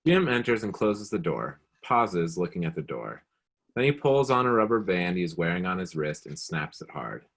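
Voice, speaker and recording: A man reads stage directions in a plain, matter-of-fact way. His very deep voice is husky. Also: sing-song, moderate pace, fairly bright tone.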